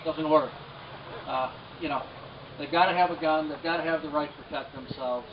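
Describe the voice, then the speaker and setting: A man's voice: a little high, steady tone, moderate pace. Plain-spoken man at an outdoor rally. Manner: earnest, plain-spoken, many fillers. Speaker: state senate candidate. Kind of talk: outdoor campaign rally speech. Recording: distant, dull lo-fi outdoor recording with noise.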